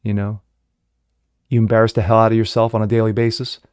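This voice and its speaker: A middle-aged man hosting a political commentary show, ranting with heavy profanity, swinging from loud outbursts to low muttering and mocking the people he quotes. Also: little pitch movement, fast, smooth, no echo, clean studio sound. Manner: mocking put-on voices when quoting others. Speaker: host.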